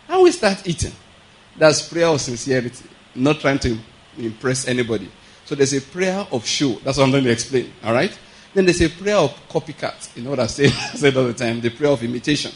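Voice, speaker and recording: A man's voice: medium pitch, slight background noise, poor audio. A man giving a conversational sermon, laughing often and asking his listeners whether they follow. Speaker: preacher.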